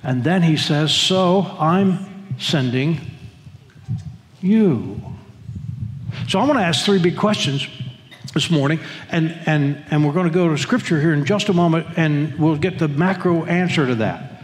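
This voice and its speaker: Guy preaching a sermon, kinda high voice, repeats himself a lot, echoey church hall. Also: normal speed. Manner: emphatic preacher with repeated stammered restarts. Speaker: pastor. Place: church sanctuary.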